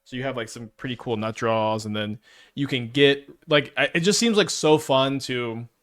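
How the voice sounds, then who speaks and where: A man's voice: medium pitch, normal speed, fairly bright tone, no echo, clean studio sound. A man giving casual live commentary while playing a card game, stuttering and restarting often as he thinks aloud. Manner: stutters, many restarts and fillers.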